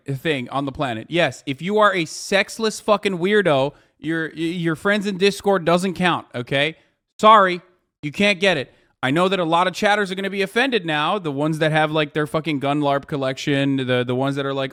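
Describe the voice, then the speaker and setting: This man's voice sits on the high side and sounds fairly bright. He's agitated while streaming a reaction video, occasionally shouting, and his rant is full of profanity, stumbles, and false starts as he talks over himself.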